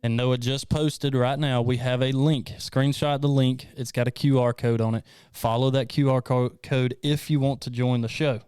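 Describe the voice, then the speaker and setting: A man's voice: medium pitch, steady tone, moderate pace, few pauses, a little mellow, smooth, dry recording, clean studio sound. Upbeat man hosting a podcast. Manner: upbeat, joking, laughs often. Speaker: host. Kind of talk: casual podcast chat.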